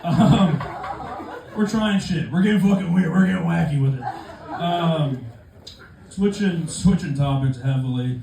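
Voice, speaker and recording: Young comedian, self-deprecating stand-up. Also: male voice, fairly high pitch, a little slow, creaky, dark tone, a little hiss or hum. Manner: self-deprecating, conversational asides. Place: comedy club stage. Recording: echoey club room from far off, crowd laughter.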